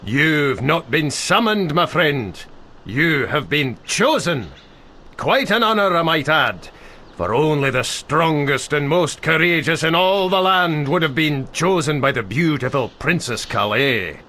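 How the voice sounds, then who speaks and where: An actor playing a fawning, scheming male messenger who talks in a theatrical, flattering way. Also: on the high side, unhurried, exaggerated voice.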